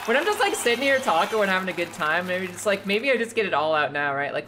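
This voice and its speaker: A young woman streaming from her living room, chatting casually and animatedly, often laughing and jumping into high excited squeals, her voice slightly echoey. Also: fast, hardly any pauses, a little hiss or hum. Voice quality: a little echoey today. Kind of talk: casual chat. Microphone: streaming setup.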